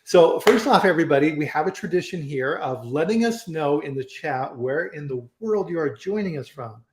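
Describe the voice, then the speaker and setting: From his home in Colorado, a man hosts a live online chat about food safety, talking casually and rambling with restarts and fillers. His voice is a little high with lively intonation at a normal speed. The recording has a roomy echo and a noisy background.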